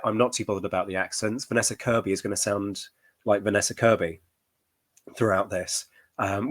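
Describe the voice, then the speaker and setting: Low-voiced male historian, thoughtful. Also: no echo. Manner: thoughtful, hedging, many fillers. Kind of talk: reaction commentary.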